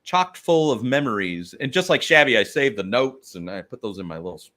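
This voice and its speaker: A man's voice: medium pitch, expressive, a little fast, sharp tone. Rambling, enthusiastic male guest. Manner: rambling, enthusiastic, self-deprecating. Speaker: guest toy collector. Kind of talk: casual livestream chat.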